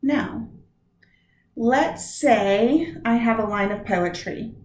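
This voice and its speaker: A woman teaching a lesson on poetic meter, explaining step by step and sounding out words slowly to show where the stress falls. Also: on the high side, a little mellow, reverberant. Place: room with a whiteboard.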